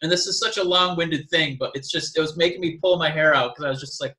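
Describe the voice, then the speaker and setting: A man with a bright, forceful, fairly high voice rambles through a casual chat, jumping into animated bits. The room around him rings with echo. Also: fast talker. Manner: rambling, animated, mock-crying impressions. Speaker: podcast co-host.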